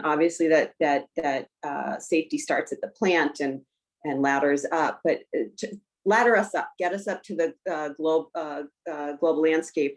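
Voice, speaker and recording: Low-voiced woman moderator. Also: poor audio. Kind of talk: panel moderation.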